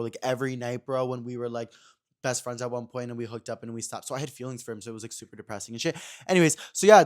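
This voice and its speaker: A young man hosting a podcast, telling a casual story in a chatty way, full of fillers, talking straight to his viewers. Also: medium pitch. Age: young adult. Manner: chatty, filler-heavy, addresses "you guys". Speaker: podcast host.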